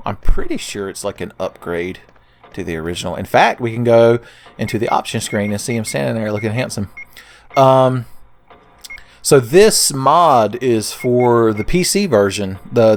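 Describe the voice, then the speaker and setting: Joking man narrating a video game. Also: mid-range voice. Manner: jokey, playful, keeps calling the viewer "son". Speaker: let's play commentator. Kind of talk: casual gameplay commentary.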